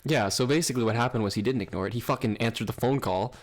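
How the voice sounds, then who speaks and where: A young man co-hosting a podcast, telling a crude story in an animated way, laughing often and swearing freely. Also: mid-range voice, racing. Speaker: podcast co-host. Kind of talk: casual chat.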